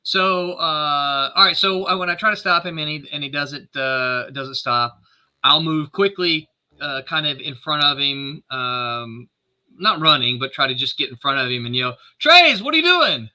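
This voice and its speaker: A man's voice: fairly high pitch, fairly even intonation, normal speed, sharp tone. A man playing a tabletop role-playing game, talking hesitantly with many restarts. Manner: hesitant, restarts often, laughs. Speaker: player. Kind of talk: tabletop role-play, casual.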